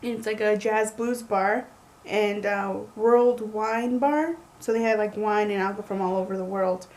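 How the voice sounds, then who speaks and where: A young woman telling a story in a chatty, animated way, full of likes. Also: mid-range voice, normal speed, rough recording. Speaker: vlogger. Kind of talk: casual storytelling.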